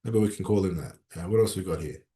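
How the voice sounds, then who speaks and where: A middle-aged man with an Australian accent hosting a casual livestream from a room in a consulate, chatting and reading out viewer comments in an animated, rambling way. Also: deep voice, fast talker. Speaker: livestream host. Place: room inside a consulate building. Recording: roomy echo.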